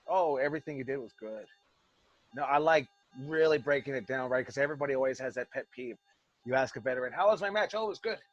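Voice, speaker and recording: A man's voice: a little high, dry recording, muffled recording. A man with an American accent, a wrestling coach talking bluntly and with heavy swearing to his students. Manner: blunt, profane, emphatic. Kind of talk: casual talk to students.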